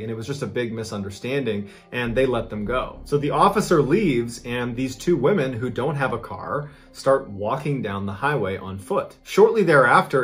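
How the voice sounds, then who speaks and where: A man in his thirties tells a dark true story straight to the listener. His delivery is dramatic, building tension and hitting the key moments with sudden bursts of emphasis. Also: mid-range voice. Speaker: storyteller host.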